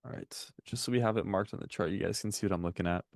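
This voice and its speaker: A man with a low, gravelly voice co-hosts a live trading stream, joking and chatting straight to his viewers. His voice is recorded close on a desk mic, with a dry sound and almost no room in it. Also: quick pace, no room sound. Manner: chatty, joking, addresses chat often. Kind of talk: casual live-stream commentary.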